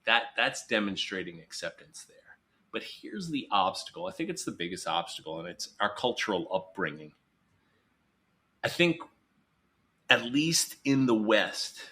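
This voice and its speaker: A man with a fairly low, bright, forward voice, speaking as a psychologist guest on a podcast. He explains ideas earnestly and emphatically. Now and then he slips into quoted voices to make a point. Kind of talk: podcast interview.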